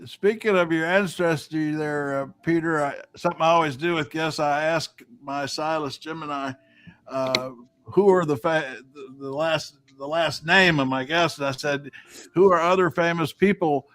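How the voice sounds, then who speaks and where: A man in his sixties hosting a casual interview, chatty and quick to laugh. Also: fairly high pitch, steady tone, fairly bright tone. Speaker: host.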